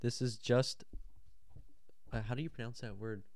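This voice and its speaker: A man's voice: medium pitch, steady tone, moderate pace, darkish tone, no room sound. A young man co-hosting a casual podcast, playful and self-mocking while playing a card game. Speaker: podcast co-host.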